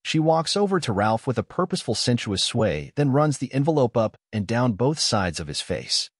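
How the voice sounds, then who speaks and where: A man narrating a written story in an expressive reading style. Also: medium pitch, moderate pace, slightly rough, no room sound, clean studio sound.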